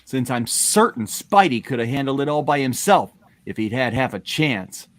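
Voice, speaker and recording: A man's voice: mid-range voice, very animated, moderate pace, fairly bright tone. A man reading a comic aloud, voicing a boastful young hero in a playful manner. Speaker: comic reader. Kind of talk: comic read-along, voicing a character.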